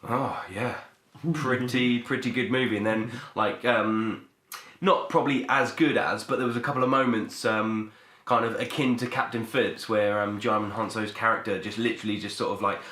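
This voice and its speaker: A man's voice: on the low side, steady tone, normal speed, bright, forceful tone. A young British man co-hosting a podcast, chatting casually about films with lots of ums and restarts. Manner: rambling, hesitant, full of ums and restarts. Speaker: podcast co-host. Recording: echoey room.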